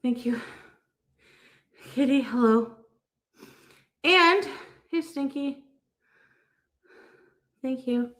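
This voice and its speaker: A woman chats on her own live stream, rambling and hesitant and greeting viewers by name. Her voice sits fairly high. The room is echoey. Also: extremely slow, pauses often, fairly bright tone. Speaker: vlogger being watched. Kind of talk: casual live-stream chat.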